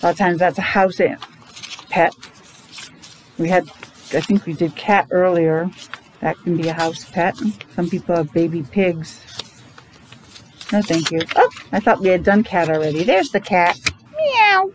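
A woman's voice: lowish voice, normal speed, long pauses, slight background noise, rough recording. A woman teacher with a Rhode Island accent, chatting to her students as she introduces a picture book, making playful animal sounds.

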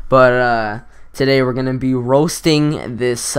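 A man's voice: mid-range voice, fairly even intonation, measured pace, gravelly, clean tone. A teenage boy giving casual, sarcastic commentary as he mocks another creator's video, rambling and loose with filler words. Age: teens. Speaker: YouTube roast commentator.

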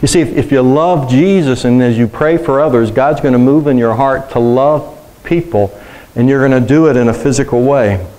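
A man's voice: mid-range voice, moderate pace, mellow, poor audio. A middle-aged man, a pastor, preaching a sermon to a congregation, telling personal stories in a conversational way and asking the room questions.

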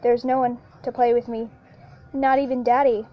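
A woman voicing a menacing monstrous little girl in a soft, girlish, coaxing tone. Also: fairly high pitch, little pitch movement, normal speed, highs cut off, close to an everyday voice.

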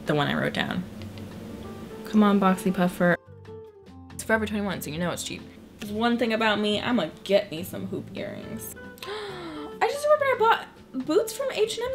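A young woman chatting casually to camera at home in a lifestyle vlog, bubbly and excitable. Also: on the high side. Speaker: lifestyle vlogger. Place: at home in her room.

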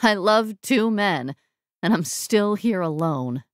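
A woman voicing a heartbroken, bitter young woman with a choked, hoarse delivery in an audiobook. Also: medium pitch, expressive, slow, no room sound, studio quality.

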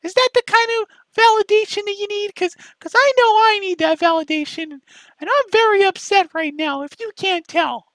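Squeaky whiny young dude, nagging the same questions over and over, bright and tight sound, dry close mic. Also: male voice, moderate pace, no echo, rough recording. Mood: shrill ranting. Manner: nagging, repetitive, shrill questioning. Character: whiny, self-pitying young man berating a rival. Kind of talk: mocking impression in a commentary video.

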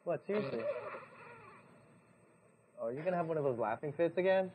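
A man's voice: a little high, lively intonation, very fast, background noise. A man hosting a kids TV show, trading casual banter with dry, teasing jokes. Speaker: kids TV host. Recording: tinny lo-fi 1990s TV tape.

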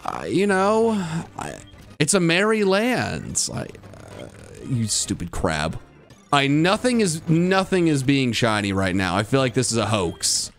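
Animated male game streamer. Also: mid-range voice, unhurried, creaky, soft background music. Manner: animated, jumps to loud frustrated outbursts. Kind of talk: live gameplay commentary.

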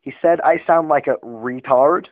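A man on a prank phone call, posing as a slow-speaking, touchy customer who stammers and halts. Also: mid-range voice, no echo, natural voice. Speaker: prank caller. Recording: tinny dry phone line.

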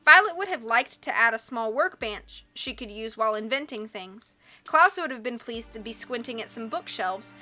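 A woman reading a storybook aloud as narrator with steady, clear delivery. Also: on the high side. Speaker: audiobook reader.

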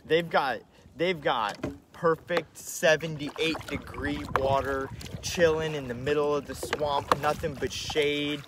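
A young man talking casually on a live stream from a kayak on a river, slangy, swearing and excitable. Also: a little high, slow. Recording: loud outdoor wind and water noise.

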